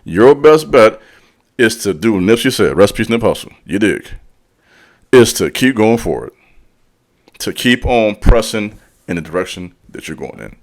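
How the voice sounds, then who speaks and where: A fairly low-pitched man speaks at normal speed with big pitch swings and long pauses. A channel host and spiritual speaker, he delivers a blunt, preachy motivational monologue in casual slang, directly calling out the listener and repeating lines for emphasis.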